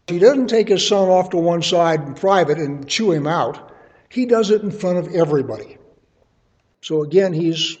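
A man's voice: on the high side, darkish tone. A middle-aged man teaching the Bible verse by verse, reading passages aloud and then explaining them in casual, everyday terms.

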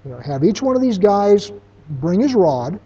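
A man's voice: sits high, sing-song, moderate pace, mellow, breathy edge. A man teaching a Bible lesson, who reads verses aloud and then explains them in casual everyday words. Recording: dull lo-fi recording.

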